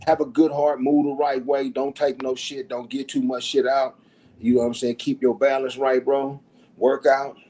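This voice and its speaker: Husky-voiced man telling stories. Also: normal speed, low-quality recording. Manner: animated and profane, acting out quotes with big pitch swings. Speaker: podcast guest. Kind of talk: casual storytelling.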